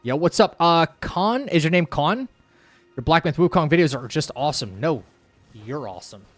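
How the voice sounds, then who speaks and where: A man streams a game live, casually chatting with viewers and reading their messages aloud, rambling loosely with plenty of fillers and restarts. His voice is on the high side and animated, at normal speed. Faint music plays behind him.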